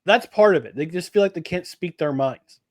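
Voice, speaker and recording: Brief: sports podcast co-host, man, slightly high voice, animated and exasperated, close dry mic. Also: fairly quick, no room sound. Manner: animated, exasperated, restarts often. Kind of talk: casual sports talk.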